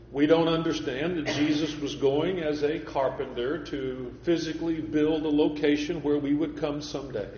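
Male preacher, slightly high voice, measured repetitive sermon delivery, reverberant church hall, dull lo-fi recording. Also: darkish tone, slight background noise. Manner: measured preaching, repeats phrases for emphasis. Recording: echoey hall, dull lo-fi sound.

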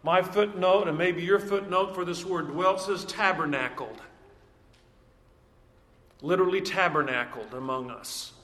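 A man preaching a sermon in an emphatic way, repeating key phrases and slowing down to stress them. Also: sits high, pushed and bright. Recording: echoey hall, faint background noise.

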